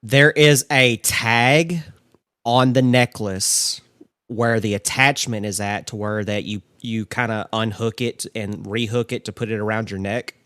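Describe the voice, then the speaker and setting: Man, game master, tabletop game narration, slow, measured, dry close sound. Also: fairly low pitch, fairly even intonation, fairly bright tone, no room sound.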